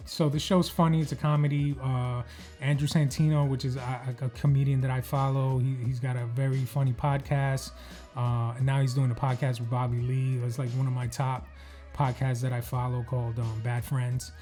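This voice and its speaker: A male podcast host from the United States talks in an easy, mid-pitched voice. He rambles casually, leaning on fillers and letting thoughts trail off. Faint music sits under the recording. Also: flat delivery, moderate pace, mellow. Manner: loose, filler-heavy, trails off mid-sentence. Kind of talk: casual chat.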